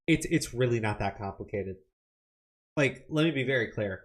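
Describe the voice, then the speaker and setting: A man's voice: medium pitch, lively intonation, normal speed. A man hosting a political commentary show, reacting to clips and news with angry, profanity-laced rants.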